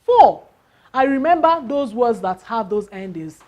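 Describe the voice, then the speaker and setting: A woman's voice: a little high, lively intonation, moderate pace. A woman teaching a lesson on word stress, spelling out letters and asking the class rhetorical questions.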